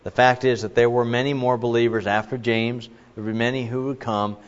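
A man's voice: medium pitch, flat delivery, a little fast, clear, resonant tone. A man preaching a sermon in an emphatic way, with many asides and restarts. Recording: muffled, with long reverb in a large hall.

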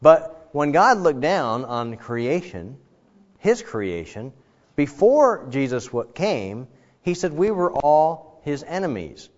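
A man preaching a sermon in a conversational, animated way, with frequent fillers and restarts. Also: on the high side, slow pace, muffled recording. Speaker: pastor.

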